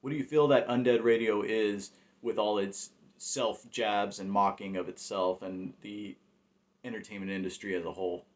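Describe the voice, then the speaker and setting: Low-voiced hesitant male podcast host. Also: steady tone. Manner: halting, many fillers. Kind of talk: casual interview hosting.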